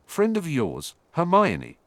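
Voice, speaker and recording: A man's voice: on the high side, wildly swooping pitch, slow, dry recording, pitched above the performer's own voice, exaggerated voice. A man voicing a nervous, ordinary middle-aged father who talks awkwardly and hesitantly. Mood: curious.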